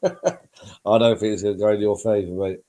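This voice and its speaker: A man's voice: fairly low pitch, fairly even intonation, normal speed, dark tone. A man in a casual stream chat, mocking and swearing, often laughing.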